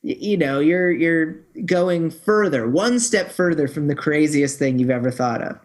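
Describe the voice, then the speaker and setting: A man hosting a book review podcast, chatting casually and joking, with relaxed restarts. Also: on the high side, measured pace. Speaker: podcast host.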